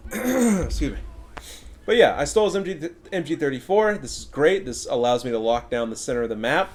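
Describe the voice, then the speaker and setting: A man's voice: medium pitch, expressive, fast talker, hardly any pauses, background noise. A man with a stuffy nose giving casual, profane and cocky commentary on a strategy game match. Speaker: game caster.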